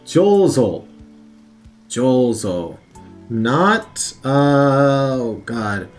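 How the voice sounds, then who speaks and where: Slow, lively-pitched man studying aloud. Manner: thinks aloud, repeats words over and over, many fillers. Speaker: language learner studying on video. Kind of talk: casual study commentary. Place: at his work computer on lunch break.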